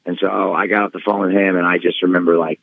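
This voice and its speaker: A man being interviewed as a guest, telling a story in a lively, casual way and slipping into others' voices. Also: low voice, fast, gravelly, no echo. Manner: animated storyteller who acts out voices. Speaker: guest wrestler. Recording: dull dry studio sound.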